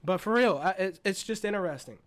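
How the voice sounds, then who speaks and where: A man recapping a horror movie in a casual, profane, excited and rambling way, seated at his desk. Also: high voice, fast. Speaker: movie reviewer.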